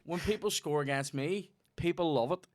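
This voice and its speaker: A man's voice: fairly high pitch, moderate pace, no room sound, clean studio sound. Swearing Northern Irish man telling stories. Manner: swears a lot, tells animated stories. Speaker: podcast host. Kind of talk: casual chat.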